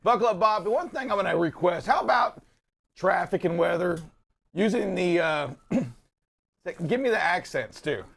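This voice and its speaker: A man's voice: high voice, expressive, a little slow, creaky, a bit bright. A man hosting a live talk show, opening the segment with upbeat, teasing banter. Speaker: show host.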